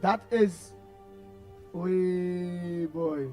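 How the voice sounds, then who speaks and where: A man with a Trinidadian accent hosting a casual call-in radio show, excitable and repeating his words as he reads out listener messages. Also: high voice, extremely slow, soft background music.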